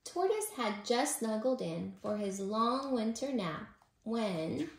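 A woman who teaches preschool, reading a children's bedtime story aloud in a gentle, expressive way. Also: medium pitch, takes it slowly, gravelly. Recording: roomy echo.

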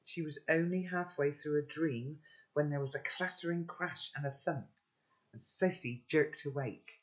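A man teaching children, recapping the story with friendly tag questions and then reading a chapter aloud. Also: a little high.

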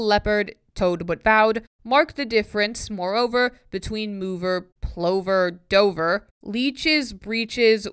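A woman's voice: mid-range voice, fairly bright tone, clear, resonant tone, no room sound, clean studio sound. A woman vlogger reading a tricky pronunciation poem aloud, word by word, with puzzled, self-mocking asides in between.

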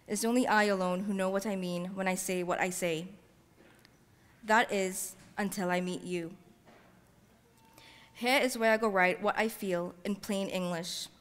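Woman reading fiction in a reverberant hall. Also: medium pitch. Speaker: author reading her work. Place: library event space. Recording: long reverb from a large hall.

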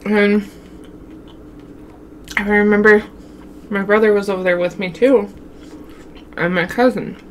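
A woman's voice: medium pitch, fairly even intonation, unhurried, pauses often. Young woman from Wyoming, casual vlogger voice, chatty storyteller who laughs a lot, faint hiss in the recording. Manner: chatty, addresses viewers as y'all, laughs often. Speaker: mukbang vlogger.

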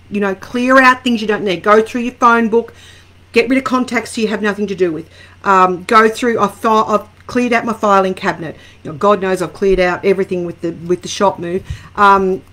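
A middle-aged woman with an Australian accent talks her way through an angel card reading on a live stream. She chats warmly, greets viewers by name and wanders off into personal stories before coming back to the cards. Her pitch sits in a middle range, and the sound has the feel of a camera set at table distance. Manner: chatty and warm, greets viewers by name, rambling asides.

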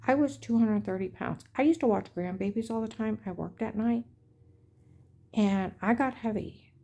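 Indignant middle-aged woman, mellow voice. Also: on the high side, normal speed, vocal fry. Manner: aggrieved, indignant, rambling. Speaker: vlogger. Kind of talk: rambling personal storytelling.

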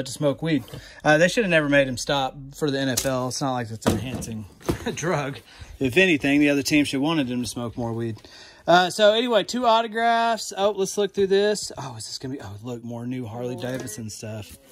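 A man chatting casually as he digs through boxes of finds, rambling and easily excited, recorded on a phone. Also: a little high. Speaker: vlogger digging through resale finds. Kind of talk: casual running commentary. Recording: phone recording with loud clicking and handling noise.

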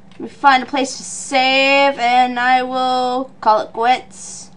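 A woman playing a video game for a let's play, excitable and loud, yelling at the screen, swearing, and mumbling through on-screen text. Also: high voice, unhurried, slight background noise, low-quality recording. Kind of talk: excited gaming commentary.

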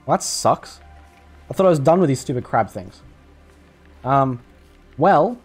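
Casting: young male gaming YouTuber, rambling jokey commentary, lively, slightly high voice, faint music behind. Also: breathy edge. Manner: jokey, rambling, swears and laughs. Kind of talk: casual gameplay commentary.

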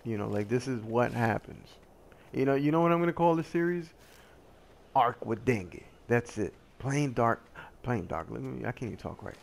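Gravelly man rambling over gameplay. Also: medium pitch, brisk. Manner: rambling, joking, easily sidetracked; excitable, yelps when attacked. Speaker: gamer playing a survival game. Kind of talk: casual gameplay commentary.

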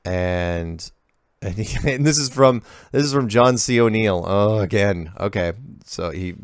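A man's voice: a little slow, dry recording, clean studio sound. A man from the US Pacific Northwest reading viewer emails in a casual solo Q&A, offhand and prone to drifting into asides and self-corrections. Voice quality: low gravelly voice.

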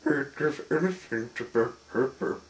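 A man voicing a sad, squeaky little male storybook character who talks mournfully and sniffles. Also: normal speed, natural voice.

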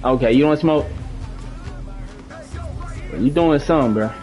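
A man's voice: mid-range voice, a little slow, warm tone, soft background music. A young man streaming a basketball video game, coaching and scolding his teammates in casual, slangy, profane talk. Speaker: gaming streamer. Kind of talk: live gameplay chat with teammates.

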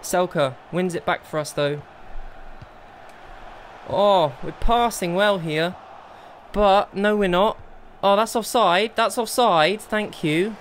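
A young man commentating his own football video game, bursting into exasperated shouts and then settling into calm planning. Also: high voice, unhurried, slight background noise. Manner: excitable, swings between exasperated outbursts and calm planning. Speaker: gaming video creator. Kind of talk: live gameplay commentary.

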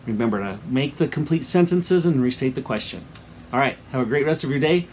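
A man's voice: medium pitch, expressive, fairly quick, a little mellow, slight background noise. A man teaching, reading a children's book aloud expressively and acting out the sound effects, then giving his class an assignment.

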